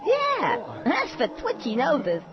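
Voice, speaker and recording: A man voicing a cocky young male squirrel in a video game, sarcastic and quick with a comeback. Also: very high voice, wildly swooping pitch, muffled recording, music in the background, exaggerated voice.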